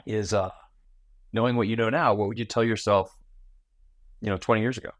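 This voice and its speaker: A man in his forties, a podcast guest who tells stories in a lively way and acts out small talk in quick asides. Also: lowish voice, no room sound, muffled recording. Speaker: guest, founder and keynote speaker. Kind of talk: conversational podcast interview.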